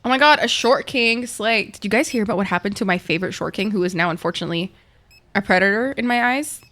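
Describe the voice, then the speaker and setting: A woman's voice: mid-range voice, quick pace, a bit bright. A woman streamer chatting casually and swearing a lot while playing a game and talking to her chat. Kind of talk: casual gaming livestream chat.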